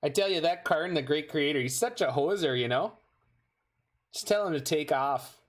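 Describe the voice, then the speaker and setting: Comic Canadian caricature, folksy and drawling, somewhat high, done by a man. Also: animated, moderate pace, close to an everyday voice. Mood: folksy teasing. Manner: exaggerated drawling "eh" and "jeez" delivery.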